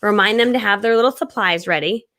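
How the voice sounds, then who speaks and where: A woman in her thirties runs a live-stream coaching session, speaking fast at a medium pitch. She's loud, energetic and casual, laughing often.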